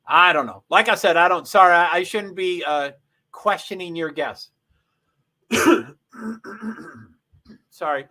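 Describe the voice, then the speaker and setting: Rambling man with a high, bright voice. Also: measured pace, pauses often. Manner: rambling, self-interrupting, frequent throat clearing. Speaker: livestream host. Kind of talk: casual live race commentary.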